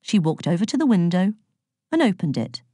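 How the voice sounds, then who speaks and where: A woman reading a storybook aloud in a lowish voice with a very lively, swinging delivery. The sound is close and dry, with no room around it. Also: a little fast, breathy edge, dry recording. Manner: expressive reading that voices each character. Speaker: audiobook narrator.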